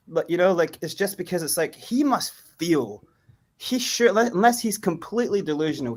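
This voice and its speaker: A man, a fan being interviewed outdoors after a match, chatting casually and rambling with lots of laughter. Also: a little high. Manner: laughing, rambling, sings chants loudly. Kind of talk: casual post-match chat.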